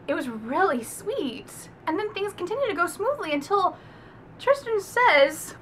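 A woman's voice: very high-pitched, very animated, measured pace, fairly bright tone, slight background noise. A young woman giving a casual, gushing book review, talking emphatically and swearing freely.

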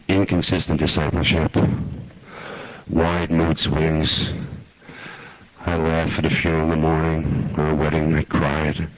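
An older man with a husky voice, leading a slow, earnest guided prayer as a preacher in a sermon. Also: very deep voice, no echo, dull audio.

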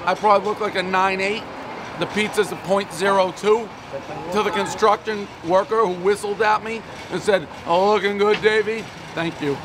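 A man's voice: high voice, fairly even intonation, moderate pace. A man giving a casual, profane, joking pizza review on a city street corner. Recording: street traffic noise.

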